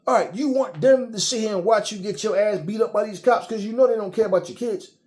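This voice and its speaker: A man's voice: high-pitched, quick pace, a little mellow. A man ranting to his audience in a casual, blunt, profane way, often restarting his sentences. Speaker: commentator. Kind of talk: casual rant to camera.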